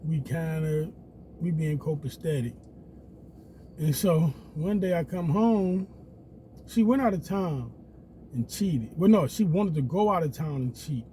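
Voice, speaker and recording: A man telling a story casually, animated and profane, acting out quotes in a raised voice. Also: fairly high pitch, unhurried, pauses often, slight background noise.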